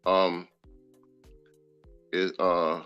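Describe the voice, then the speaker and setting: A man's voice: deep voice, extremely slow. Man, casual livestream chat, repetitive slang, faint background music. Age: adult. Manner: animated, slangy, repeats phrases. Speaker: crypto livestream host. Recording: dull lo-fi audio with faint music.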